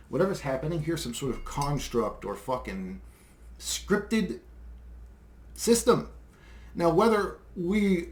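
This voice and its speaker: A man's voice: medium pitch, roomy sound. A man delivering a rambling, profane, exasperated monologue, full of fillers and short laughs. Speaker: solo video creator. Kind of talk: casual monologue rant.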